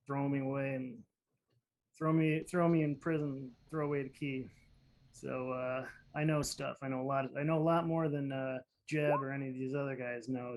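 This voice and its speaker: A man's voice: medium pitch, slight background noise, natural voice, poor audio. A man voicing a secretive, jittery male conspiracy theorist who talks in a rambling, conspiratorial way.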